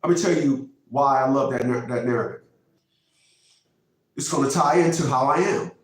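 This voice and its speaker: A man's voice: mid-range voice, normal speed. Man, fifties, vlog host, preachy, emphatic, repetitive, very echoey, distant mic. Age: 50s. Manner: preachy, emphatic, repeats phrases. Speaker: vlogger host. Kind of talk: casual monologue. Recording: very echoey room, mic far off.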